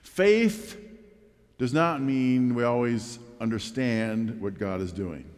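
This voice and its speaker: A man's voice: medium pitch, takes it slowly, darkish tone, in a large hall. A man preaching a sermon as a pastor, asking the congregation rhetorical questions.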